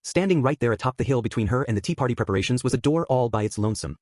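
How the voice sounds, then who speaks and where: A man reading a light novel audiobook aloud at a quick clip. His delivery is even, his voice slightly breathy, and the recording dry and close. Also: medium pitch, dry recording. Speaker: audiobook narrator. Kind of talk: scripted narration.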